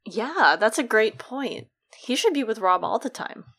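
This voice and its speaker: A woman's voice: a little high, very animated, unhurried, vocal fry, a bit bright. A young woman co-hosting a casual book discussion podcast, chatty and laughing often as she acts out lines from the story. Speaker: podcast co-host.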